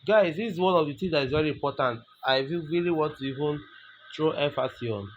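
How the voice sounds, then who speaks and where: A man's voice: on the high side, fast. A man giving a trading lesson over a screen recording. He is emphatic, repeats his points and keeps asking rhetorical questions. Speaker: trading tutor. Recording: dull lo-fi recording with faint noise.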